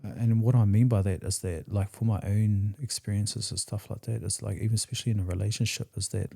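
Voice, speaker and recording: A New Zealand man speaks as a podcast guest in a low, very dark and mellow voice. He tells his life story candidly and emotionally, swearing freely. Now and then he acts out old conversations as he goes. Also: fairly even intonation, quick pace, creaky, slightly rough.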